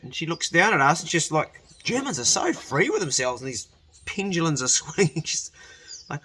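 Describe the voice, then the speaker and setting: A man's voice: a little high, expressive, normal speed, sharp tone. A man telling a rambling personal story in a casual way, often correcting himself and laughing as he goes.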